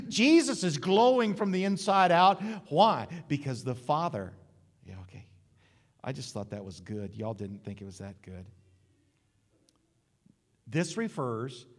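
A man preaching a sermon in a church, joking and acting out voices in quotes. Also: fairly high pitch. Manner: lively, joking preacher who acts out quotes. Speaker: pastor. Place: church sanctuary. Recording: long hall reverb.

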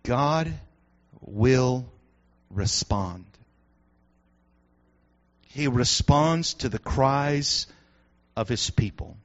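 A male pastor preaching a sermon in an animated way, building to shouts with joking asides. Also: medium pitch, extremely slow, pauses often. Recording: dull lo-fi sound.

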